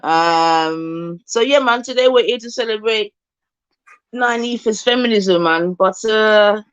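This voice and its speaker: A man's voice: sits high, slow pace, fairly bright tone, smooth, dry recording. Brief: streamer, man, combative banter, muffled lo-fi mic. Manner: argumentative, talks over his guest. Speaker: live stream host. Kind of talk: casual live stream chat. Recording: dull lo-fi dry mic.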